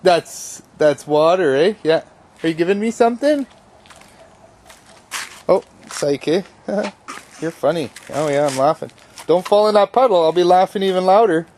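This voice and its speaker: Dad behind the camcorder outdoors, high voice, unhurried, coaxing a toddler in baby talk. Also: male voice, lively intonation, a little mellow, a little hiss or hum. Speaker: father filming his toddler. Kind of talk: home video, talking to a small child. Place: outdoors by a puddle near a garage. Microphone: handheld camcorder.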